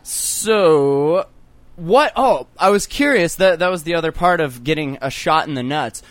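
A young man hosting a casual online show, telling crude stories fast with plenty of swearing and laughter. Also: on the high side, animated, dry recording. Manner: profane, joking, quick storytelling with laughs. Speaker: podcast host.

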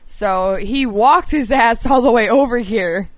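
A woman's voice: fairly high pitch, a little slow, no echo. A young woman co-hosting a podcast, speaking casually and a bit defensively, often saying "dude". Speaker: podcast co-host. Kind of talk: casual chat.

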